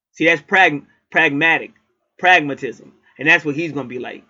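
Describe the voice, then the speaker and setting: A man's voice: a little high, normal speed, sharp tone. A man giving a casual astrology reading in a blunt, preachy way, cursing freely. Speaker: astrologer and card reader. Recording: dull lo-fi recording.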